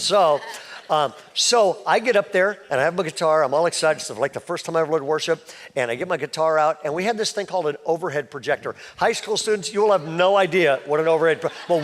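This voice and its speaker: A man's voice: a little high, animated, a little fast. A man preaching a sermon as pastor, telling a chatty, self-deprecating story to a congregation. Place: church stage before a live congregation.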